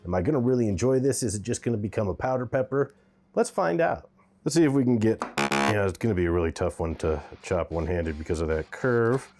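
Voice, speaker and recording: A man's voice: lowish voice, expressive, a little fast, darkish tone, soft background music. A man giving a casual, candid pepper tasting review, thinking aloud with the odd um.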